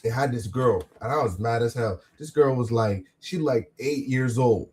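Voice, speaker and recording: A man's voice: mid-range voice, normal speed, a little mellow. A man hosting a podcast in casual chat, loose and slangy with many false starts. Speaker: podcast host.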